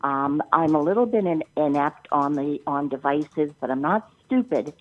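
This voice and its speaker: A woman's voice: deep voice, expressive, normal speed. An older woman from Canada, upset and near tears, complaining at length on the phone and circling back over her grievance. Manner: long-winded, indignant, circling back and repeating herself. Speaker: prank call target. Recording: tinny phone line.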